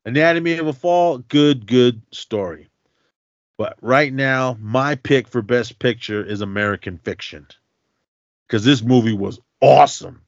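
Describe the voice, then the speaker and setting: A man's voice: mid-range voice, a little slow, no room sound. Man chatting loosely about movies. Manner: loose and chatty, with many fillers and slangy asides. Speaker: podcast host. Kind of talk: casual movie recap chat. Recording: dull lo-fi, dry sound.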